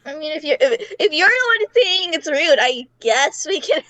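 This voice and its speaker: A high-voiced woman narrates a tabletop game with a playful, giggly manner. Her voice sits close and dry, with no room around it. She often breaks into laughter between lines. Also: big pitch swings, measured pace, bright, forceful tone, no echo. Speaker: game master.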